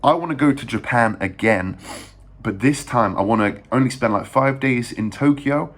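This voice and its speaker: A young vlogger from England talks fast to camera at a medium pitch, telling a story in a casual, rambling, crude way full of fillers and restarts.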